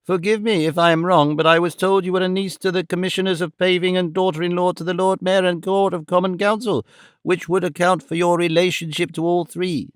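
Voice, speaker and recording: A man doing a florid, batty old gentleman. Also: sits high, fairly even intonation, brisk, smooth, no echo, clean studio sound, pitched above the performer's own voice, close to an everyday voice. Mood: flowery. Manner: flowery, theatrical, drawn out. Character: eccentric old male neighbour, florid and mad.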